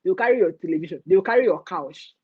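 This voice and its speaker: A young woman with a Nigerian accent hosting a casual livestream rant, animated and mixing in pidgin phrases. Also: on the low side, fast talker, slightly rough, no echo, narrow, tinny audio. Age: young adult. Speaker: livestream host.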